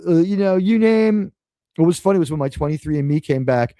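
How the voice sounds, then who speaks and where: A man's voice: fairly high pitch, lively intonation, brisk, mellow, no room sound. A man from New City, hosting a live stream, talking in a profane, sarcastic, rambling way. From New York City. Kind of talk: casual live-stream rant.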